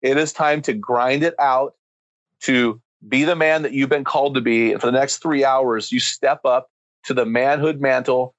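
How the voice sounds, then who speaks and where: A man's voice: medium pitch, steady tone, moderate pace, no echo, dull audio. A man speaking as a guest, telling a story and preaching with emphatic, fervent build-ups. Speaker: guest speaker on men's ministry. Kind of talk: impassioned preaching-style storytelling.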